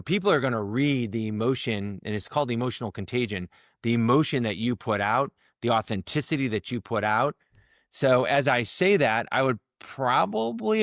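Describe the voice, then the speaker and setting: A man guest on a podcast, talking in a casual interview, animated and full of restarts and repeated words as he acts out tones to make his point. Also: mid-range voice, no echo, clean studio sound. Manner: animated, explains through examples and acted-out tones. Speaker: guest, leadership communication coach.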